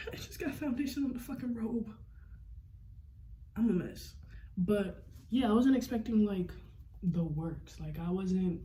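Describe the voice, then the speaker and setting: A woman's voice: medium pitch, expressive, measured pace, pauses often, warm tone. A young adult woman chatting casually through a makeup tutorial, rambling in slangy talk full of "like". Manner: slangy, rambling, fills with "like" constantly. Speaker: beauty vlogger.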